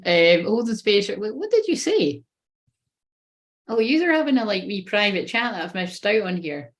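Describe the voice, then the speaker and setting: A woman's voice: mid-range voice, very animated, moderate pace. A woman running a casual live tarot reading. She talks in a rambling, sweary way and often breaks into giggles. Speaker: tarot reader.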